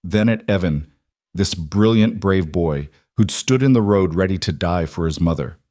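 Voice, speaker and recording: A man narrating a scripted story in an even, measured way. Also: low-pitched, no echo, clean studio sound.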